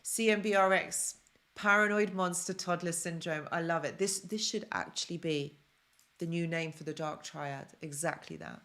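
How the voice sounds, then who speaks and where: A woman hosts a live stream about toxic relationships. She talks casually and emphatically and turns excitable when she speaks straight to her viewers. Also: lowish voice, normal speed.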